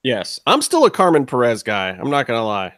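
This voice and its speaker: A man's voice: medium pitch, huge pitch swings, a little fast, fairly bright tone. A man co-hosting a wrestling podcast, laughing and teasing the others. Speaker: podcast co-host. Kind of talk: casual banter.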